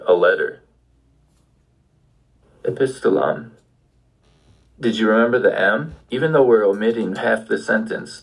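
Low raspy-ish guy running a podcast language lesson, keeps asking you to try. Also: low-quality recording. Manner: patient, prompting questions. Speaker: language teacher.

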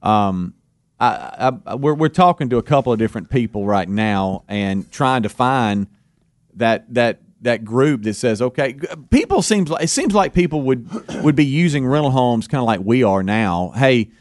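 A man hosts a casual talk radio show. He speaks in a relaxed way, full of "uh" and "um." His voice is dry and close to the mic. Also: medium pitch, moderate pace, dry recording. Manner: relaxed, lots of fillers.

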